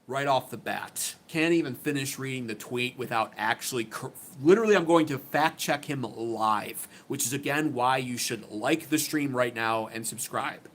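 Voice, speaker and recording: A man's voice: mid-range voice, moderate pace, fairly bright tone. A man doing a livestream political commentary, ranting bluntly and angrily with plenty of profanity.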